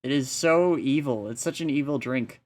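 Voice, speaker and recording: A man talking casually on a live stream, rambling through his thoughts and laughing often. His voice sits at an ordinary middle pitch. He speaks into a desk mic at home. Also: normal speed, darkish tone. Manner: rambling, laughs often, many filler likes. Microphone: standalone desk mic.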